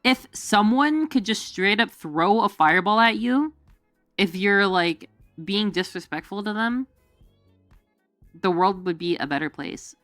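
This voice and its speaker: A woman's voice: medium pitch, animated, measured pace, fairly bright tone, no echo. A woman chatting casually on a livestream, close and dry at the mic. She rambles from one idea to the next, full of fillers and laughing as she goes, with faint music playing underneath. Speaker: streamer. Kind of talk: casual chat.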